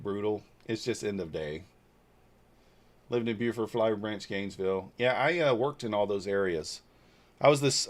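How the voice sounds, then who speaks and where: A man in his forties from Northeast Georgia, talking loosely and bluntly on a livestream while answering viewers' comments aloud. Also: on the low side. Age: 40s. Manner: blunt and loose, with mild swearing. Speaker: trading livestreamer. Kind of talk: casual livestream chat.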